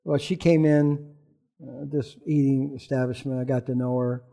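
A man's voice: medium pitch, level tone, normal speed, creaky, dark tone. A man preaching a sermon, telling stories conversationally with humor between points. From rural background. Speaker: pastor.

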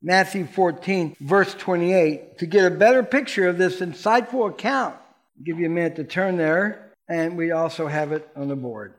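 A man preaching a sermon in a lively, playful way, asking the congregation questions and acting out the voices in the story. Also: sits high, normal speed. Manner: animated, playful preaching that asks the congregation questions and acts out quotes. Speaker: pastor.

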